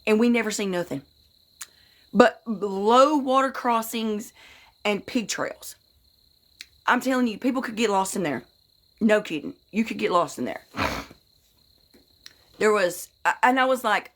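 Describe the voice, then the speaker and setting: A woman's voice: on the high side, expressive, slow, pauses often, fairly bright tone. A woman hosting a casual livestream who greets viewers by name, swears freely and tells rambling stories in a folksy way. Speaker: livestream host.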